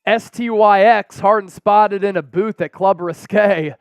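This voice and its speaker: Young male stream host, high voice, dry close sound, hyped play-by-play over faint music. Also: a little slow, clear, resonant tone, no echo. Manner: energetic, breaks into excited shouts and chants. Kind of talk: live play-by-play and chat shout-outs.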